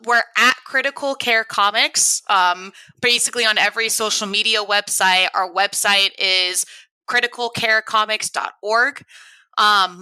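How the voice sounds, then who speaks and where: A woman's voice: medium pitch, sharp tone, clear, resonant tone, dry recording, low-quality recording. A woman guest on a podcast, speaking in a matter-of-fact way. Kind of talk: casual interview chat.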